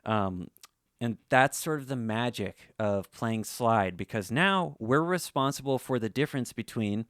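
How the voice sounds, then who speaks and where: A man's voice: medium pitch, animated, measured pace, a bit bright, no echo. A man giving a casual, conversational guitar lesson, full of "you know" fillers. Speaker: slide guitar teacher.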